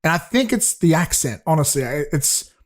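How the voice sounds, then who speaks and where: A man's voice: on the high side, sing-song, normal speed. A young man, a podcast co-host, reviewing a film in casual chat, rambling and swearing with many restarts.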